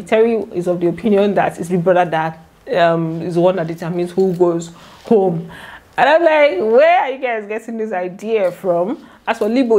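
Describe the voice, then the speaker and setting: A woman's voice: lowish voice, a little mellow. A young woman, chatting directly to her viewers in a casual commentary vlog. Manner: chatty, talks straight to viewers. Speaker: YouTuber recapping a reality show.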